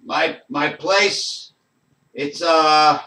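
A brash Italian-American chef from New Jersey, as a man puts him on, all gruff wise-guy bluster in a Jersey accent. The voice is bright and pushy and sits a little high. It sounds like a public-access comedy sketch, with an echoey room and the voice well back from the mic. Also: extremely slow, distant mic, full character voice.

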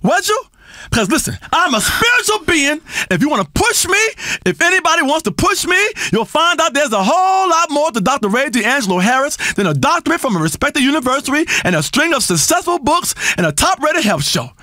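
An actor playing an erratic, self-important male radio health guru who rambles and swings between crooning and shouting. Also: very high-pitched, huge pitch swings, brisk, no room sound, studio quality, full character voice. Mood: aggressive. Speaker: radio health show host. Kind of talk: comedic radio talk show performance.

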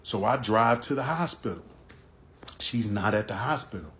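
A man narrating a personal story in storytime style, animated and acting out the dialogue. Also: lowish voice, normal speed.

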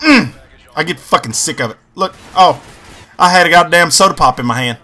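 A young man giving crude, excitable gameplay commentary, swinging between yelling and muttering. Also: on the high side, brisk.

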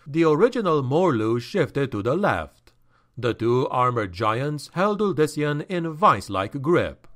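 A man narrating a dark fantasy novel in a slow, dramatic and expressive audiobook reading. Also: medium pitch.

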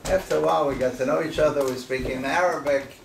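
Rabbi, male, preaching with insistent repeated questions; high, gravelly voice; faint background noise. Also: steady tone, quick pace. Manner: emphatic, repeats rhetorical questions. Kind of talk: sermon. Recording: roomy distant recording, faint noise.

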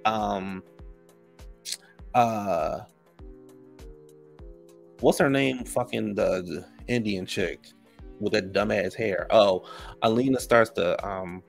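A man's voice: takes it slowly, vocal fry, pauses often, faint music behind. A man casually recapping a reality TV episode in a sassy, profane, gossipy way. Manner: acts out quotes in higher voices.

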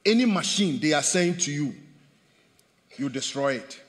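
A man preaching a sermon as pastor, animated, swinging between loud bursts and hushed asides. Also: on the high side, a little slow, long reverb tail. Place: church hall.

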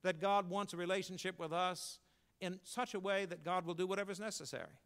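An older man preaching a sermon as pastor, telling folksy stories and swinging between emphatic lines and quiet asides. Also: moderate pace, creaky, clean tone. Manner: folksy storytelling, rising to emphatic then dropping low.

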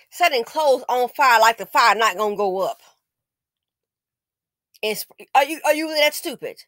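Animated, scolding woman commentator. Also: fairly high pitch, no room sound, studio quality. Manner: indignant, scolding, with sarcastic exclamations. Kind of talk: casual news commentary.

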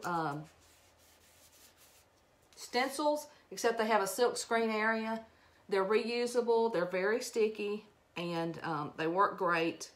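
A middle-aged woman from Alabama with a thick Southern accent talks through a craft project. She rambles in a casual, friendly way, greets her viewers and pokes fun at her own messiness. Her pitch sits right in the middle for a woman. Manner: chatty and rambling, greets viewers, laughs at herself. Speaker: craft live-stream host. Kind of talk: casual live-stream crafting demo.

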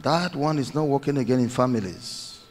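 A man's voice: medium pitch, moderate pace, darkish tone, big-room sound. A man preaching a sermon as pastor, emphatic, repeating his phrases and acting out quotes.

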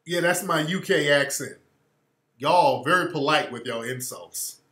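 Male radio host, casual and profane, laughing storyteller, slightly high voice, echoey room. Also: measured pace, sharp tone. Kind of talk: casual monologue. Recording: roomy echo.

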